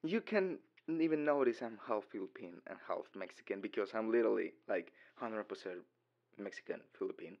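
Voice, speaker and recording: A man's voice: lowish voice, expressive, fairly quick, highs cut off. Giggly young man. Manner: giggly, rambling, dorky. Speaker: boyfriend in audio role-play. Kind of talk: casual voicemail role-play.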